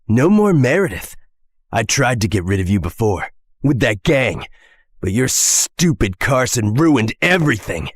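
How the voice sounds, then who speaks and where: A woman plays a smug young man who turns out to be a villain in an animated drama. The voice sits low and swings widely in pitch, with a slow, drawling delivery that grows menacing. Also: slightly rough, no echo, exaggerated voice. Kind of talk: animated story voice acting.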